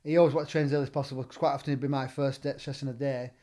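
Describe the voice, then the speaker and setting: Fast-talking Northern English man. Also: medium pitch. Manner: animated, acts out quoted dialogue. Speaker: gym owner and trainer, podcast guest. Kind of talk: casual storytelling.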